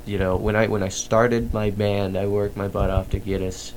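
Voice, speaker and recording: A man's voice: fairly low pitch, level tone, moderate pace, darkish tone, slight background noise. A man hosting a podcast in casual chat, rambling with lots of fillers and restarts. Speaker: podcast host.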